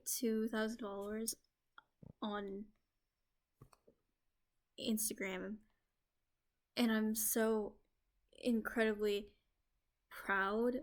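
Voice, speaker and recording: Young woman rambling into her laptop mic, lots of "like", casual vlog. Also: fairly high pitch. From United States. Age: young adult. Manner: rambling, many "like" fillers. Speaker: vlogger. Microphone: laptop microphone. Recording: lo-fi laptop recording.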